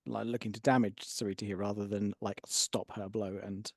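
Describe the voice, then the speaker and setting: A man's voice: on the low side, little pitch movement, brisk, gravelly, no echo, studio quality. A man playing a tabletop game, laying out his character's move in a matter-of-fact way. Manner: matter-of-fact, plans moves out loud. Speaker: player.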